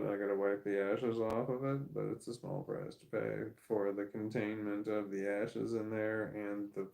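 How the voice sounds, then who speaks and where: A man's voice: fairly low pitch, vocal fry, a little mellow, low-quality recording. A young adult man talking casually to camera, rambling, swearing and laughing as he goes. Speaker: vlogger.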